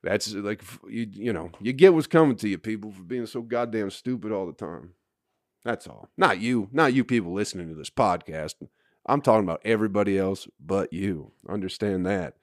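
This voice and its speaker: Exasperated, swearing man with a low voice. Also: lively intonation, normal speed, dry recording, clean studio sound. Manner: profane, exasperated ranting; rambling, repeats himself. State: hungover. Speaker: podcast host. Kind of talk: solo podcast rant.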